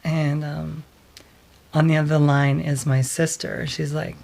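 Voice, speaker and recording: A woman speaks slowly and softly, telling a personal story to her vlog audience. Her voice sits fairly low, and she hesitates often, filling her pauses with small fillers. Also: little pitch movement, creaky. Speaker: vlogger.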